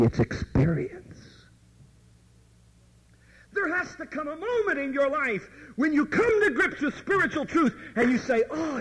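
A man's voice: high voice, low-quality recording. A man preaching a sermon with dramatic emphasis, addressing the listener directly and sometimes dropping to near whispers.

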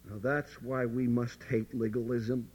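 A man's voice: mid-range voice, level tone, unhurried, darkish tone, poor audio. A man preaching a sermon with dramatic emphasis, addressing the listener directly and sometimes dropping to near whispers.

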